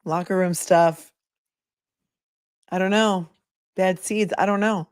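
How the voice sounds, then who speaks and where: A woman's voice: medium pitch, fairly even intonation, slow pace, clear, resonant tone, no room sound, studio quality. A woman attorney hosting a casual livestream, chatting with viewers and thinking aloud with many asides. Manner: reads viewer messages aloud. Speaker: attorney and commentator.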